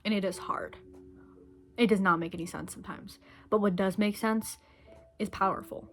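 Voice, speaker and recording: A woman's voice: medium pitch, steady tone, normal speed, a bit bright. A young adult woman talking straight to camera in an earnest, rambling, emotional way, swearing casually as she shares her thoughts. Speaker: vlogger. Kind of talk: heartfelt direct-to-camera monologue.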